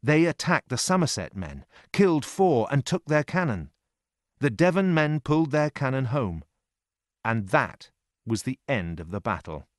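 Man, audiobook narrator, steady clear reading, middle pitch, dry close recording. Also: unhurried, dry recording. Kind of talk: audiobook reading for English learners.

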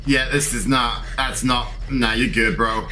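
A man's voice: medium pitch, steady tone, unhurried, bright, forceful tone. A man hosting a let's play, casually commenting on the game and joking while reading choices aloud. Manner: chatty, jokey, reads in-game choices aloud.

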